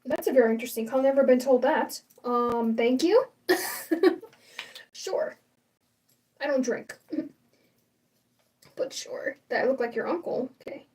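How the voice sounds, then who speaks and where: High-voiced rambling woman livestreamer. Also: unhurried, long pauses, a little mellow, recorded from a distance, low-quality recording. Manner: rambling and opinionated, full of fillers and restarts. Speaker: livestream host. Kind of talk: casual livestream chat.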